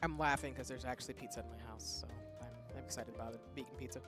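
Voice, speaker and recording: A woman streaming a game, chatting casually with her viewers in a playful, flustered way that breaks into loud bursts. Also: a bass voice, fairly even intonation, quick pace. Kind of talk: casual livestream chat while gaming. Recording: music playing behind.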